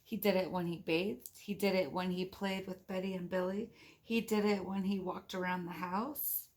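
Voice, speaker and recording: A woman's voice: fairly low pitch, fairly even intonation, normal speed, a little mellow. A woman reading a picture book aloud to her children, playful and giggly, breaking off for chatty asides and animal noises.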